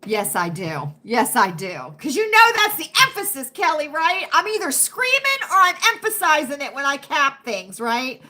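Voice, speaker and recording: A woman hosting a casual livestream chat with her viewers, who keeps asking "right?" and now and then drops into a hushed whisper. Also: sits high, wildly swooping pitch, normal speed, hardly any pauses. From United States. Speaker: livestream host.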